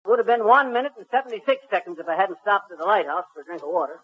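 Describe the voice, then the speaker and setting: A folksy boastful braggart. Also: male voice, sits high, lively intonation, rapid-fire. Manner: blustering, folksy, rambling storyteller with ungrammatical speech. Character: boastful middle-aged male braggart spinning tall tales. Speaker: comic lead telling a tall tale. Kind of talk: 1930s radio comedy acting. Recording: muffled 1930s radio recording with faint hiss.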